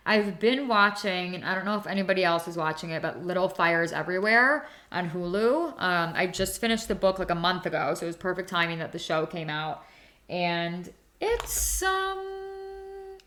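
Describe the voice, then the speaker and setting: A woman's voice: fairly low pitch, normal speed, a bit bright. A young woman chatting casually to viewers while doing her skincare on a livestream, giggly and reacting to comments. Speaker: beauty livestream host.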